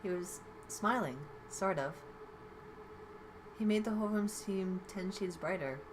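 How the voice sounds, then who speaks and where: A woman's voice: medium pitch, measured pace, background noise. A woman hosting a let's play, reading a visual novel aloud with playful commentary and small stumbles. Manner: playful, reads with occasional stumbles.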